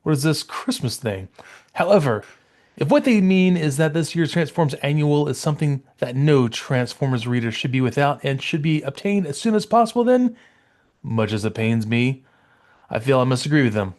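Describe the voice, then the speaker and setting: A man's voice: fairly high pitch, animated, normal speed, a little mellow, close to an everyday voice. A man voicing a haughty robot villain who looks down on humans, reading in a formal, disdainful way. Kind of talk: reading a comic page in character.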